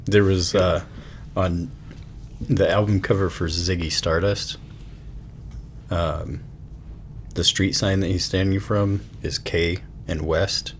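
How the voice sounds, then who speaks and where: A man co-hosting a casual podcast, telling stories in a relaxed way with lots of fillers. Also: low-pitched, a little hiss or hum. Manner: relaxed, drawn-out storytelling with fillers. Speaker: podcast co-host. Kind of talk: casual chat.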